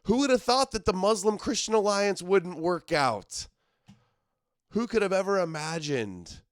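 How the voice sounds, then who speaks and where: A man's voice: sits high, animated, unhurried, no echo, clean studio sound. A man hosting a livestream, reacting to clips with sarcastic, exasperated commentary. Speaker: livestream host.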